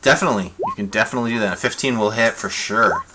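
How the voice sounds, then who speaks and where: A man running a tabletop horror game live as game master, animated and quick with apologetic asides. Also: medium pitch, heavy background noise.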